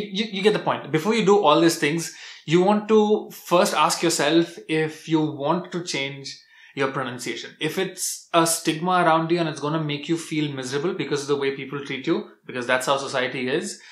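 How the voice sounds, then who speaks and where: A young man from India, giving a relaxed, chatty vlog tutorial full of restarts. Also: a little high, reverberant. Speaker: language vlogger.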